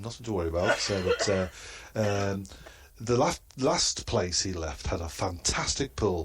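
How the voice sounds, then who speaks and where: A man doing a comedy roast in a halting, hesitant delivery and chuckling at his own crude jokes. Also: on the low side. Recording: noisy line.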